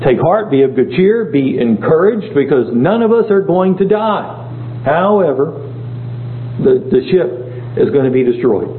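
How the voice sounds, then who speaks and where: A man's voice: fairly high pitch, very animated, measured pace. A man leading an informal Bible study, talking conversationally and asking his group questions. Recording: echoey room, tinny phone-like sound, faint hum.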